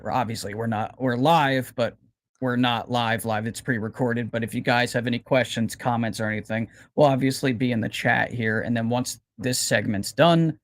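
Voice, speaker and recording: A man with a mid-pitched voice co-hosts a podcast. He explains show details in a relaxed, friendly, casual way. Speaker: podcast co-host.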